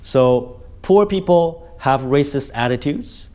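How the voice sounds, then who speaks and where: A vlogger with a medium-pitched, darkish voice tells a story in casual commentary, expressive and unhurried. He's blunt, swears constantly, and keeps tacking "right?" onto his sentences.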